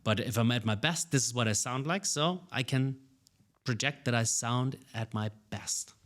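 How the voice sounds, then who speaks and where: A man's voice: mid-range voice, normal speed, fairly bright tone. A man who coaches public speaking, answering interview questions with energy and often repeating words as he starts a sentence.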